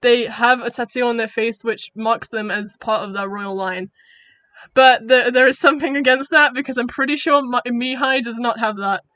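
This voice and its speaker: A young woman rambles in a casual, giggly way. Her voice is high and bright, with a sharp, forward sound. The recording is close and dry. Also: moderate pace, no echo. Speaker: creator of the channel. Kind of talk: casual chatty commentary. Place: her bedroom.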